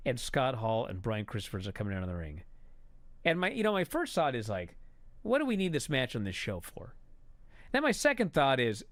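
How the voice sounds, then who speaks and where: A man angrily recapping a wrestling show in a profane, exasperated rant that builds to shouting. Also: medium pitch, no room sound.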